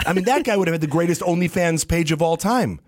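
A man co-hosting a comedy podcast, rambling through stories with jokes and quick asides. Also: fairly high pitch. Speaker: podcast co-host. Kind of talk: casual comedic chat.

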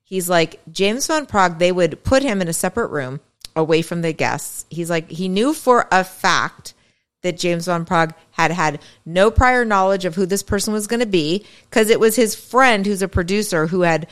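A woman's voice: fairly low pitch, normal speed. A woman co-hosting a podcast, telling a story in casual chat and acting out the quotes of the people in it. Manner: animated storyteller, acts out quotes. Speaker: podcast co-host.

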